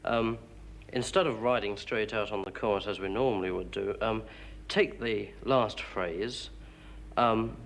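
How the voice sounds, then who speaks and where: A man's voice: fairly low pitch, measured pace, fairly bright tone, a little hiss or hum. A British man, a jazz musician, suggesting an arrangement at rehearsal, hesitant and repeating words as he thinks. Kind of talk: rehearsal discussion.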